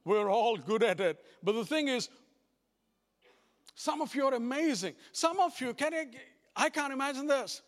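Addressing the congregation head-on, a high-voiced male pastor preaches at normal speed. His delivery is animated and full of repetitions and restarts, echoing with the long reverb of a church hall.

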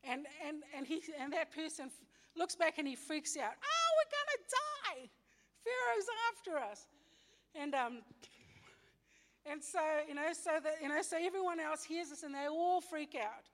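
A woman's voice: high-pitched, fairly even intonation, normal speed. A woman teaching a Bible story in informal sermon style, chatty, with everyday slang and frequent self-corrections. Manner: chatty, many fillers and restarts, retells scripture in everyday slang. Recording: long hall reverb.

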